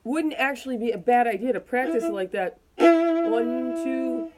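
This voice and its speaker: A woman teaching a violin lesson, calmly explaining bowing technique step by step while demonstrating. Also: on the high side, fairly quick, over music. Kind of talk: casual instructional explanation.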